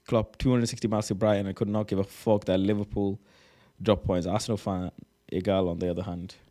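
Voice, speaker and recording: An exasperated man talks through posts in a casual reaction commentary. His voice sits slightly low, and he swears freely as he reads. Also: little pitch movement, fairly quick, dark tone. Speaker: reaction streamer.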